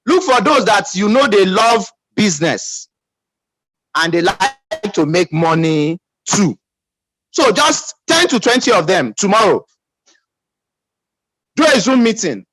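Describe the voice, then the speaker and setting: Nigerian English man, team leader, emphatic pep talk, high and animated, dry sound. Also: slow, pauses often, breathy edge, no echo, rough recording. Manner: emphatic, calls for audience responses.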